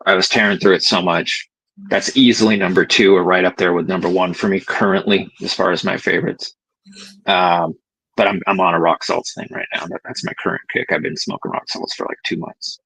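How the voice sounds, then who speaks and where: A man with a very deep, gravelly voice and a husky edge talks in a laid-back, candid way. He swears casually as he chats on a livestream. The sound is dry and close. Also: fairly even intonation, a little fast, sharp tone, dry recording, poor audio. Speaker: cannabis breeder guest.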